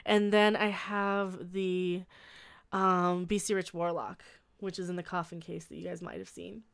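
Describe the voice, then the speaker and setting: A woman's voice: on the low side, level tone, unhurried, gravelly. A young woman hosting a casual livestream from a small room at home, chatting with her chat, rambling, with frequent laughs and restarts. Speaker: livestream host reading chat.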